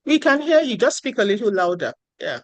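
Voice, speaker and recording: A woman's voice: medium pitch, sing-song, a little fast, poor audio. A woman professor hosting an online meeting, praising and encouraging students. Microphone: video call.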